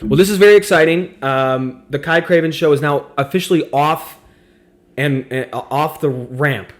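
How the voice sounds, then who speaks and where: A man hosting a comedy podcast in loose, joking banter. His voice sits a little high, and he talks in a playful, mock-grand way. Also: normal speed. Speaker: podcast host.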